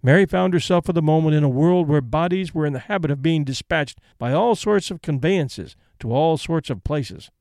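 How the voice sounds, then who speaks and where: A man narrating a story as an audiobook in a measured, even reading. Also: fairly high pitch, dry recording, studio quality.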